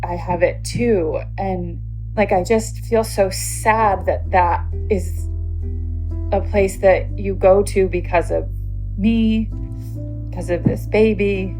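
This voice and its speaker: A woman in her thirties talks in a therapy session. She speaks slowly, with a soft, mellow voice, sad and tearful. Faint music plays underneath. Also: medium pitch, steady tone, poor audio. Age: 30s. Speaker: client in therapy. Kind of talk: emotional conversation in therapy.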